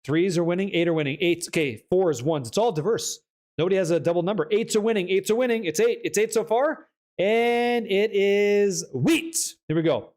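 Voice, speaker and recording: A man's voice: sits high, fast talker, a little mellow. A young man hosting a live stream, reading chat aloud and joking in a casual, hyped way with some swearing. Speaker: streamer host.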